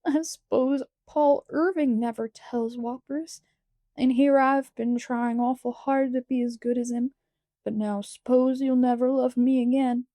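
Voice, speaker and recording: A woman's voice: on the high side, normal speed, dark tone, no echo, lightly acted. A woman voicing an impish six-year-old boy in a storybook reading, pleading and sobbing in childish slang.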